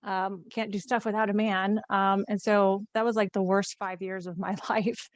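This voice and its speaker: A woman's voice: mid-range voice, little pitch movement, normal speed, no room sound. A woman, a podcast guest and coach, telling a personal story in a casual interview, earnest and emotional, with light laughs between phrases. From American Midwest.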